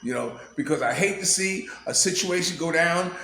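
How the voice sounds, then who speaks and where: In an echoey room with faint background noise, a man rambles through a casual vlog story, full of laughter and "you know." His slightly high voice sounds pushed and bright, with vocal fry, and his pace is moderate.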